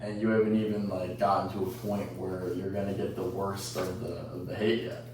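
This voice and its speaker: A man's voice: low voice, level tone, a little fast, a little mellow, slight background noise. A man hosting a casual podcast, rambling, provocative and laughing at himself. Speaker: podcast host. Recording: echoey room, mic at a distance.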